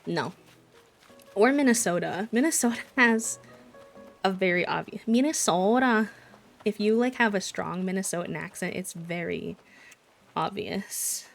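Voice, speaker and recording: A woman's voice: mid-range voice, unhurried, gravelly, pauses often, soft background music. A young woman with a Midwestern American accent, chatting casually as a streamer while playing and reading chat. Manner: chatty, thinking aloud.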